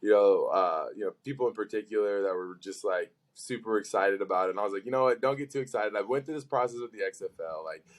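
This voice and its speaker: A man in his twenties, a pro football player on as a guest, tells stories in a casual, animated way, full of "like" and "you know.". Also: on the low side, fast, few pauses. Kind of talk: casual storytelling.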